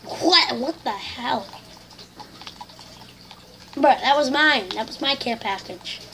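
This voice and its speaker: A woman giving excitable, complaining live commentary over a shooter game she is playing, full of slang. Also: sits high, slow pace, a little hiss or hum. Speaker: gamer.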